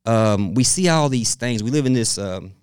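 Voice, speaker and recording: Smooth-voiced middle-aged man telling stories. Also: medium pitch, normal speed, no room sound, studio quality. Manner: storytelling, animated, laughs often. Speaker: guest expert. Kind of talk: podcast interview conversation.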